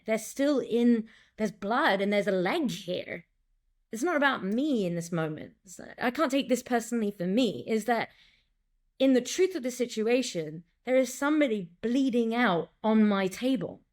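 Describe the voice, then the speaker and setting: Animated woman director talking shop. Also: fairly high pitch, moderate pace. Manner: animated, acts out lines and quotes, many restarts. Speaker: director and acting coach. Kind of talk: casual interview talk.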